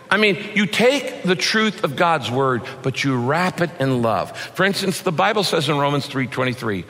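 Bright-voiced man preaching in a hall. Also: on the high side, expressive, a little fast, few pauses. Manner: folksy, emphatic preaching with rhetorical questions. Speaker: pastor. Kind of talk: sermon. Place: large church auditorium. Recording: long reverb of a big hall.

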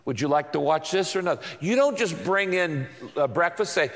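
A man's voice: on the high side, expressive, normal speed, few pauses. A male pastor giving a sermon. He uses an emphatic, repetitive teaching rhythm and keeps asking rhetorical questions. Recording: long hall reverb.

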